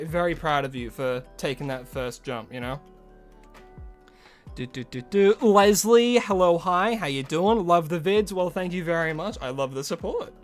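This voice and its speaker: A young man chatting casually with his live-stream audience, swearing freely and laughing often. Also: a little high. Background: faint music.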